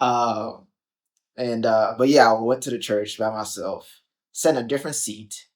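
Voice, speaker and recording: A young man from Chicago, a podcast guest, telling his story in a casual, animated way, acting out quotes and filling with "like" and "um". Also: medium pitch, unhurried.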